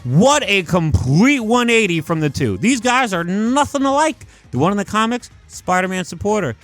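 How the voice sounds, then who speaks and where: A young man talks through a countdown list in loose, animated commentary, filling his sentences with "like" and pushing into emphatic rants. His voice sits a bit high for a man, and faint music plays underneath. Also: normal speed, dry recording. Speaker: YouTube movie commentator. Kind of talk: casual ranking commentary.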